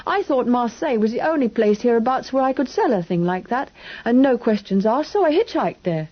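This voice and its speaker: A woman reading an audiobook, voicing a frightened, hungry young English boy who talks quickly and anxiously. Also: a little high, expressive, highs cut off, pitched above the performer's own voice. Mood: recounting. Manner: quick, anxious, breathless questioning.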